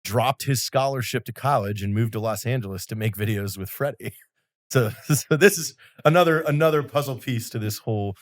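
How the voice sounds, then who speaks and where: A man's voice: mid-range voice, fairly quick, dry recording, clean studio sound. Easygoing male podcast host. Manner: easygoing, prompts the guest with questions. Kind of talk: casual chat.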